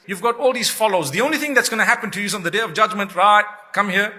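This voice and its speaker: A man's voice: sits high, fast, sharp tone. A man preacher giving a humorous sermon, telling playful stories with punchlines. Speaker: Islamic preacher.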